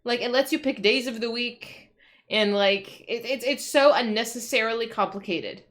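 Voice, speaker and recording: A woman's voice: fairly high pitch, normal speed, a bit bright. A woman streamer chatting casually at home, ranting in exasperation, swearing and restarting her sentences. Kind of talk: casual livestream chat.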